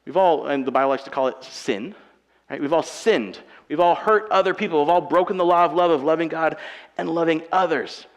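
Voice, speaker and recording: Young male pastor with a high, gravelly voice, chatty and emphatic, in a reverberant sanctuary. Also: a little fast. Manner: conversational, swings from quiet to emphatic. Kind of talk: sermon. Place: church sanctuary. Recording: long reverb of a large hall.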